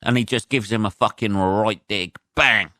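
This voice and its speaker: Comedian guy rambling on his podcast, sweary and worked up, crisp smooth voice, dead dry close mic. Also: lowish voice, steady tone, moderate pace, a bit bright, dry recording. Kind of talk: casual solo podcast rant.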